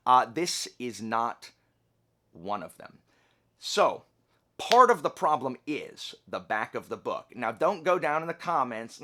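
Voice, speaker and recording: A man's voice: on the high side, big pitch swings, normal speed, a bit bright. A man hosting a book review channel, talking casually and rambling with asides and restarts. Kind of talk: casual chat to camera.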